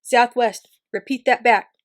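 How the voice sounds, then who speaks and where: A commanding male officer in a storybook reading, loud and clipped as he snaps out orders, as a woman puts him on. The voice sits fairly high and keeps to a narrow, even line. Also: moderate pace, natural voice. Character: middle-aged male army officer, brisk and commanding.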